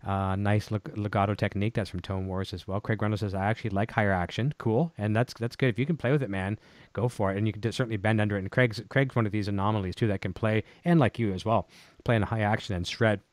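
A man hosting a casual show, reading viewer comments aloud in an easygoing way with lots of ums and uhs. His voice sits a little low and comes across smooth and clear. The sound is dry and close. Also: fairly even intonation, fast talker, no room sound. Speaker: host.

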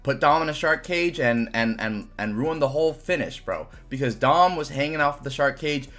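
A man's voice: medium pitch, expressive, moderate pace, a bit bright, faint music behind. A young man giving a casual, frustrated review of a wrestling event, ranting animatedly and swearing often.

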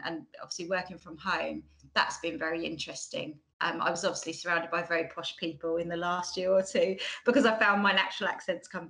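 Woman, 40s, Bracknell Mockney accent, bright and lowish voice, chatty conference speaker on a laptop mic. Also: low-quality recording. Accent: Bracknell, Mockney-like estuary. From England. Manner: chatty, frequent ums and restarts. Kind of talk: online conference talk.

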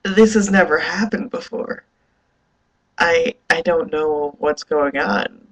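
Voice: mid-range voice, slow pace, dull audio. Groggy young vlogger rambling at dawn. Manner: rambling, loose and swearing. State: up early and groggy. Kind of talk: casual video diary.

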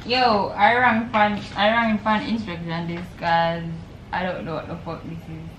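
Young Jamaican woman, vlogger, animated swearing rants in patois, faint background hiss. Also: fairly low pitch, a little slow. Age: young adult. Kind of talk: casual chat while assembling furniture. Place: dorm room. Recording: echoey room, faint noise.

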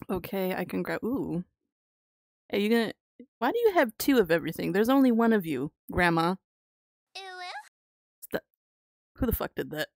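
A woman game streamer chatting through her play session, excitable and quick to laugh. She swears freely and talks at an unhurried pace. Her voice sounds dry and close, with no room echo. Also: medium pitch. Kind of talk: casual live gameplay commentary.

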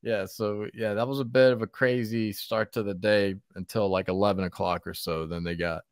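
A man hosting a casual podcast conversation, telling animated stories and laughing often. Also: lowish voice, normal speed, clear, resonant tone, no echo, studio quality. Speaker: podcast host and barber.

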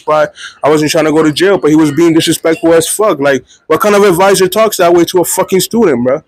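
A young man telling a story to camera as a student vlogger, animated and profane, checking in with the viewer constantly. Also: fairly high pitch, fast talker, dry recording. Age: young adult. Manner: animated, profane, keeps checking in with 'feel me', 'right?'. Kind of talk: casual storytelling vlog.

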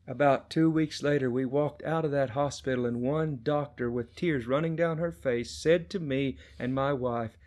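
A middle-aged man preaching a sermon, telling a testimony with passion and swinging between hushed and loud delivery. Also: medium pitch, moderate pace, few pauses.

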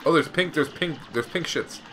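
Young dude doing a let's play, bright voice, swears a ton, laughs a lot. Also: male voice, on the high side, normal speed, a little hiss or hum. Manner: profane, laughing, teasing banter. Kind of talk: casual gaming commentary.

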